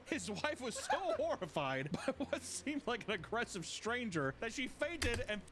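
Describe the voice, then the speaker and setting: Male reaction-show host; animated and laughing, wildly swinging pitch, noisy background. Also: normal speed. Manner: animated, laughing, acts out voices. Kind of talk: casual reaction chat.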